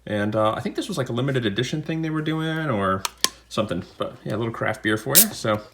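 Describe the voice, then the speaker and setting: This man's mid-range voice moves quickly with lively intonation over heavy background noise. He hosts a casual unboxing and beer tasting video from a home room with a desk camera, rambling along and tossing in jokey asides.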